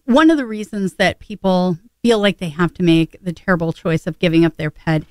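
A woman's voice: lowish voice, dry recording. A woman hosting a radio talk show, chatting casually and emphatically with a guest. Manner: chatty, emphatic, quick asides. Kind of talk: casual interview chat.

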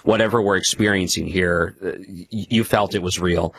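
A man with a deep voice hosts a late-night radio interview, recorded dry and close. He talks in a relaxed, conversational way and builds long, searching questions. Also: moderate pace, gravelly, slightly rough, no room sound. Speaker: radio talk show host.

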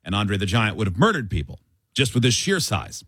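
A man's voice: lowish voice, big pitch swings, brisk, fairly bright tone, slightly rough, no echo. A man hosting a radio talk show in casual chat, chatty with lots of fillers.

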